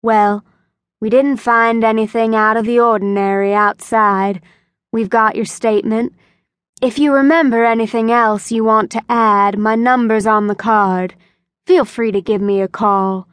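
A woman voicing a calm male police officer asking routine questions in an audiobook. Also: a little high, unhurried, clear, resonant tone, no echo, studio quality, close to an everyday voice. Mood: matter-of-fact. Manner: matter-of-fact questioning. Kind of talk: audiobook character voice.

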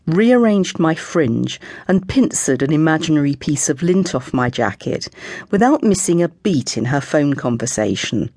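A woman narrating a first-person audiobook in a wry, unhurried storytelling manner. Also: very deep voice, expressive, darkish tone, dry recording, clean studio sound.

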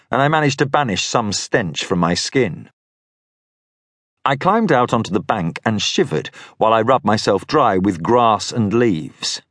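A male audiobook narrator tells a first-person story slowly and with care, his pitch rising and falling expressively. His voice sits in a middle register. The studio recording is close and completely dry. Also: no echo. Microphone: studio microphone.

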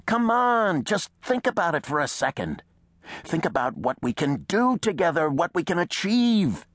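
A man's voice: a little high, big pitch swings, normal speed, fairly bright tone, no echo, clean studio sound, pitched above the performer's own voice. A man voicing an inflamed male scientist who pleads urgently and persuasively, in an audiobook. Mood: pleading.

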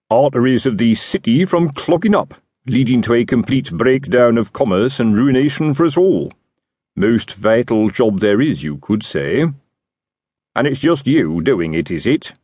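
A pompous, chatty city watch sergeant explains things with great self-importance, as a man puts him on. His delivery is lively and swoops up and down, with a slightly husky edge. The recording is dry and close. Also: medium pitch, no room sound.

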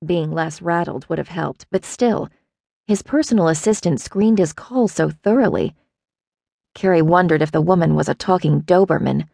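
A woman narrating an audiobook in a wry, even storytelling manner. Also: low voice, normal speed, gravelly, no echo, studio quality.

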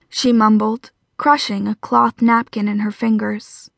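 A woman narrating a romance audiobook in a steady, even storytelling voice. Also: mid-range voice, a little slow, gravelly, few pauses, no echo. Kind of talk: scripted narration.

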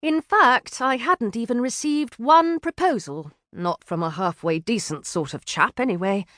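A woman narrating an audiobook in an expressive first-person telling, close to a studio mic. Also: a little high, a little slow, no room sound. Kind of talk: scripted narration.

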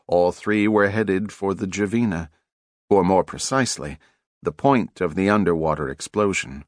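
Man, audiobook narrator, low voice, dry close sound, measured dramatic reading. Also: fairly bright tone, no room sound. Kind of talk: scripted narration. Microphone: close studio mic.

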